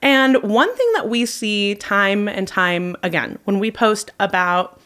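A young adult woman co-hosting a parenting podcast, chatty, with quick asides and frequent laughs. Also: medium pitch, expressive, a bit bright. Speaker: podcast co-host. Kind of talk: casual chat.

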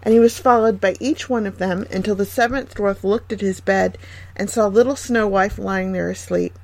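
A woman reading a fairy tale aloud in a gentle, measured way. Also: mid-range voice, vocal fry, no echo. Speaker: storyteller.

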